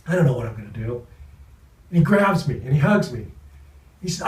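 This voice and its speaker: A man being interviewed as an actor, telling anecdotes from a film shoot in a lively, storytelling way and acting out the people he quotes. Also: medium pitch, brisk, distant mic. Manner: animated, acts out quoted voices. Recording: roomy sound from off-mic.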